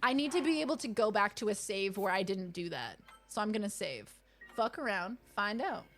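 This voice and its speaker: A woman's voice: mid-range voice, animated, brisk, soft background music. A young woman streamer chatting casually and playfully with her viewers while playing a game. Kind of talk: casual livestream gaming chat.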